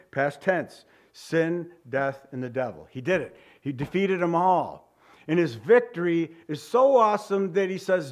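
A preacher speaks directly to his audience, repeating important words and shifting from shouted cries to soft, low emphasis. His intonation is lively and his pace moderate.

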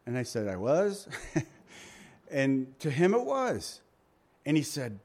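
A man's voice: fairly high pitch, big pitch swings, normal speed, darkish tone. A man preaching a sermon, reading scripture and telling stories with acted quotes, his volume and pace swinging widely. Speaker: pastor.

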